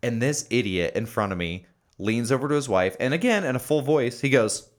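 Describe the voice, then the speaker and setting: A man's voice: mid-range voice, animated, fairly quick. A young man casually telling a story on a podcast, with many fillers and laughs. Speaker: podcast co-host. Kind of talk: casual chat.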